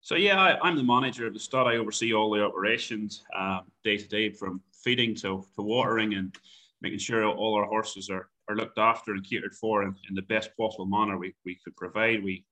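A young man with an Irish accent talks about his work on a horse stud. His voice sits fairly low but sounds bright and forward. He speaks haltingly, repeating words and filling gaps with ums. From Ireland. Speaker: stud farm manager. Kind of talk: phone interview chat.

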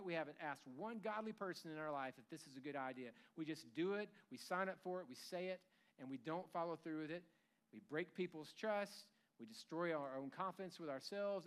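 A man preaching a sermon in a church, conversational and humorous, acting out bits of everyday dialogue. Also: a little high. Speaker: pastor.

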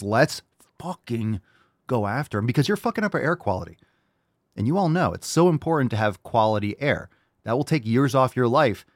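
A man hosting his own livestream podcast, delivering a loud, profane, jokey and hyped-up monologue. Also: mid-range voice, dry recording, clean studio sound. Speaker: podcast host. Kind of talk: brash comedic livestream monologue.

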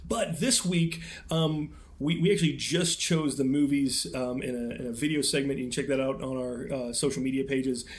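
A man's voice: medium pitch, steady tone, normal speed, few pauses. Chatty young man co-hosting a podcast. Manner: rambling with fillers and restarts, laughs often. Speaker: podcast co-host. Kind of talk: casual chat.

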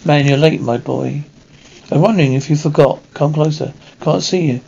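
A man voicing an older male priest, gentle and fatherly, on a dull lo-fi recording. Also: a little high, moderate pace, gravelly, slightly rough. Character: old male priest mentoring an orphan.

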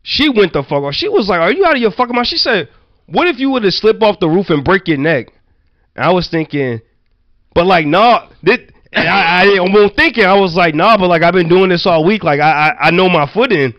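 A man telling rambling childhood stories in a relaxed, profane chat, full of "like" and quick laughs. His voice sits a bit high for a man. The sound is dry and dull, with a slightly muffled, lo-fi edge. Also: no room sound. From Virginia, US. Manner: loose, profane, laughing anecdotes with many "like" fillers. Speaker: storyteller. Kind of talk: casual storytelling chat.

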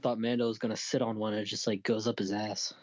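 A man's voice: lowish voice, level tone, fast, no room sound. A man co-hosting a casual podcast chat, joking crudely and laughing often. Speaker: podcast co-host. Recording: dry, dull lo-fi sound.

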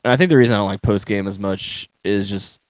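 A man with a low voice talks sports in a relaxed, chatty way, laughing often as he goes. His voice sounds close and dry, with no room sound around it. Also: fast talker, no room sound. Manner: easygoing, laughs often between phrases. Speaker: podcast co-host. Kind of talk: casual sports chat.

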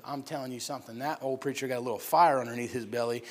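A man from upstate New York preaching a sermon, telling stories and swinging from hushed asides to loud shouts. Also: medium pitch, steady tone, quick pace. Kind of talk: sermon storytelling.

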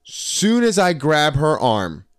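His voice is a little high and clean-toned, and he takes it slowly in a studio-quality, echo-free recording. The man, in his thirties, hosts a podcast and tells a profane, animated story, acting out the quotes.

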